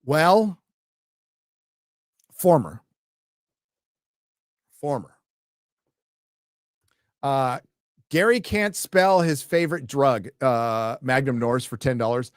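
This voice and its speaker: A man from the United States hosts a casual live stream, reading donor messages with wry, joking asides. His voice sits at a middle pitch and comes through a close desk mic with a dry, dead sound. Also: a little slow, dry recording. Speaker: livestream host reading donations.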